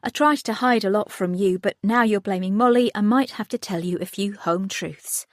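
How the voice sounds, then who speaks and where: A woman voicing a defensive mother who pleads and argues back in an audiobook, speaking a little higher than her narration. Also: normal speed, dry recording, studio quality, natural voice. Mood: pleading. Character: defensive mother trying to calm a friend.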